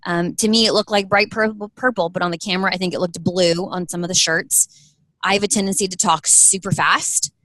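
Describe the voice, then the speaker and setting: A woman in her thirties, a business owner being interviewed, telling earnest, animated stories full of quoted dialogue. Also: lowish voice, a little fast, no echo, poor audio. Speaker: guest, apparel business owner. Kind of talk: interview conversation.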